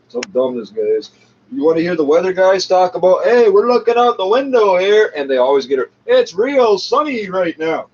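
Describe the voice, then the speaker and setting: A man's voice: medium pitch, slight background noise. A man ranting casually over the radio, mocking and swearing as he talks. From Canada. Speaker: commentator talking over a radio broadcast. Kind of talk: casual profane rant. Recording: dull lo-fi recording.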